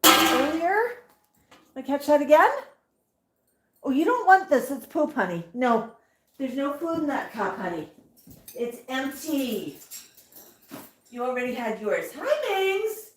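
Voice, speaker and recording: A woman cooing at her pet birds in a high, lively voice that swoops up and down. She talks slowly and dotes on them. The room is echoey, with clear noise behind her. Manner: doting, baby-talk to birds. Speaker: pet parrot owner. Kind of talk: casual talk to pet birds.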